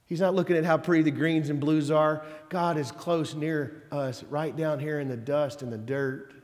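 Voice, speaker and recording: Guy preaching sunday sermon, folksy asides, kinda high voice, big echoey church. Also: fairly even intonation, normal speed, a little mellow. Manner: conversational preaching with folksy asides and emphatic quotes. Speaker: pastor. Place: church sanctuary.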